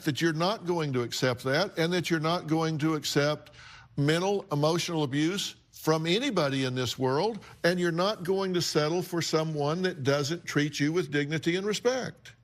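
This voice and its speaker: Blunt, emphatic TV host, slightly high. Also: male voice, moderate pace. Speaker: talk show host. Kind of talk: confrontational TV talk show counseling.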